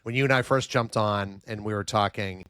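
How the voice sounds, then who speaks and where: Host: man from Boston, eager and long-winded, low-ish voice, very dry recording. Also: fairly even intonation, normal speed, fairly bright tone, smooth, no echo. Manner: enthusiastic, long-winded questions. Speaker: podcast host. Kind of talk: podcast interview.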